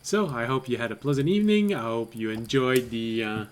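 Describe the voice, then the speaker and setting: A man narrating as game master of a tabletop game, relaxed and laughing often. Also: medium pitch, a little fast, a little hiss or hum.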